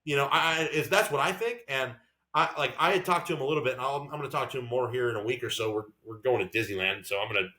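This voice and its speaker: A man's voice: medium pitch, fast, bright, forceful tone, echoey room. A man co-hosting a podcast, ranting in a heated, profane way about how things were handled. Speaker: podcast co-host and racing driver. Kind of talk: casual podcast chat.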